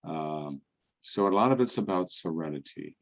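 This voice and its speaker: An older man, a priest, giving a relaxed, conversational talk full of homely anecdotes and playful voices for the people in them. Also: deep voice, moderate pace. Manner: folksy storytelling, acts out other people's voices. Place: parish event, indoors.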